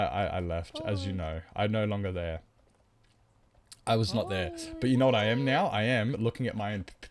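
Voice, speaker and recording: A man's voice: fairly low pitch, a little mellow. A man chatting on a live game stream, rambling, greeting viewers and joking about himself.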